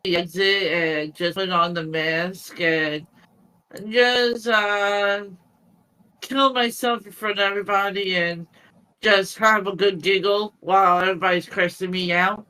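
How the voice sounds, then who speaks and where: Casual gaming podcaster, very slow pace, bright tone. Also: medium pitch, fairly even intonation, smooth, poor audio. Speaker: podcast guest. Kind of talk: casual chat.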